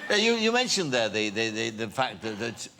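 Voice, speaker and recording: A man's voice: mid-range voice, very animated, fairly quick, gravelly, noisy background. A man hosting a chat show, asking his guest hesitant questions with many restarts. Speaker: talk show host. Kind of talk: interviewing a guest. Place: television studio.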